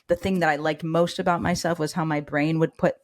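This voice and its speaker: In a low voice and at a brisk clip, a middle-aged nurse and educator recounts her personal story as a podcast guest. She's animated throughout, acting out the voices she quotes.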